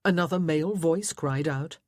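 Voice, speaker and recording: A woman with a low, slightly mellow voice narrates a scripted historical romance audiobook at normal speed, in a dramatic, tense storytelling style. The sound is clean studio quality with no room sound.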